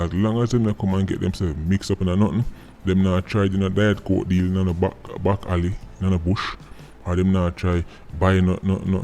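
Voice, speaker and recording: A Jamaican man vlogs his opinions bluntly, dropping into patois as he talks. His voice is low and mellow with a dark tone. Soft music plays faintly behind him. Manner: blunt, outspoken, mixes patois in. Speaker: vlogger. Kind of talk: opinion commentary vlog.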